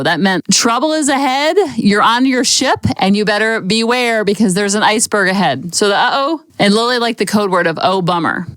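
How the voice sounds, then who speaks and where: Mid-aged lady chatting parenting tips, animated, dry close sound, mid pitch. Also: dry recording, rough recording. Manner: lively, animated, acts out kids' voices. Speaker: parenting podcast host. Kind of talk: casual advice talk.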